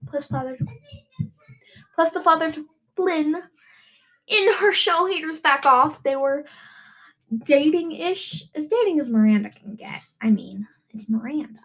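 A woman's voice: high-pitched, rough recording. A young woman hosting a casual solo podcast, bubbly and giggly, full of rambling asides. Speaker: podcast host.

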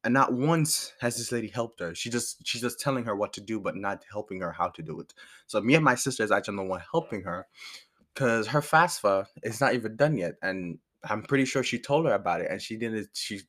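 A lowish, fairly bright male voice with lively intonation moves along at a fairly quick clip. The young man vents casually, swearing in irritation and reenacting both parties of a quarrel through quoted lines.

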